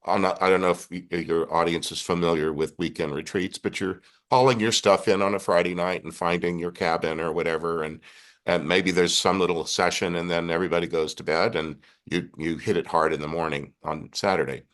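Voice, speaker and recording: Brief: older Texan priest, very low voice, earnest storyteller who keeps restarting his sentences. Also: fairly even intonation, brisk, fairly bright tone. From Texas. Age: 60s. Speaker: Catholic priest and guest. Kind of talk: conversational storytelling interview.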